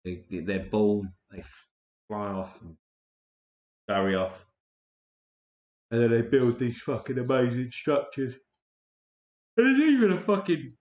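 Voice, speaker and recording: A man hosting a casual live stream, chatting loosely and swearing freely while tired and yawning. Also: fairly low pitch. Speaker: livestream host. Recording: roomy, dull lo-fi stream audio.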